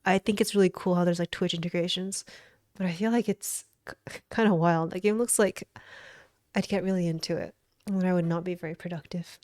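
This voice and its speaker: A woman's voice: fairly low pitch, fairly even intonation, brisk, a little mellow, no room sound, clean studio sound. A woman streamer chatting casually with her viewers, talkative and often giggling. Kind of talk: casual livestream chat.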